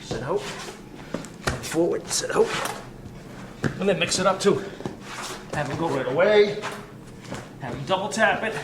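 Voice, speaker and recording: A man demonstrating warm-up drills as a fitness coach, talking with energy and counting reps as he exercises, sometimes out of breath. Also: on the high side, lively intonation, measured pace, pauses often. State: out of breath at times. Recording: roomy, distant mic with ambient noise.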